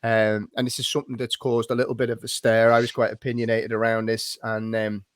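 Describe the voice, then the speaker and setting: A man's voice: on the low side, little pitch movement, brisk, no room sound. Brief: dad-aged man, podcast host, easy jokey banter, dry close sound. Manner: chatty, jokey, leads the talk. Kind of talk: casual chat.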